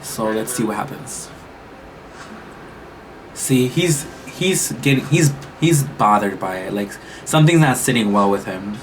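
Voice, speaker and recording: A man's voice: lowish voice, expressive, measured pace, slight background noise, poor audio. A young man reacting to a show episode, talking casually and emotionally with lots of exclamations and restarts. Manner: emotional, exclamatory, thinks aloud with many restarts. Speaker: reaction YouTuber.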